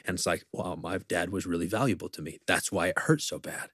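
A professor appears as a podcast guest in a conversational interview, speaking earnestly and reflectively and quoting scripture at length. His voice is deep and fairly bright, a little fast, recorded with clean studio sound and no room noise.

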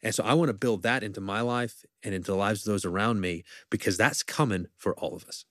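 Low-voiced earnest male professor. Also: fast, a bit bright, dry recording, studio quality. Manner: earnest, reflective, quotes scripture at length. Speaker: professor, podcast guest. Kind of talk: conversational interview talk.

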